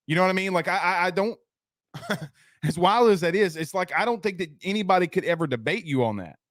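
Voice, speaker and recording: A man's voice: sits high, expressive, brisk, fairly bright tone, no room sound, studio quality. A man hosting a casual live sports talk stream, loose and slangy, reading out viewer comments and an ad. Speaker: sports talk show host.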